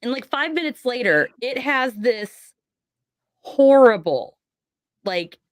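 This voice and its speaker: A woman's voice: fairly high pitch, expressive, slow pace, no room sound, studio quality. A woman on a podcast telling a personal ghost story, acting out the voices she quotes. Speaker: podcast guest.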